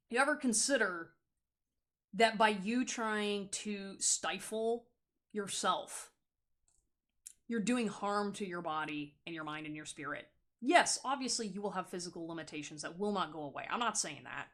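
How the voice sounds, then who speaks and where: A woman tarot reader giving a pick-a-card reading to camera, animated, blunt and playful, and often laughing. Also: mid-range voice, normal speed.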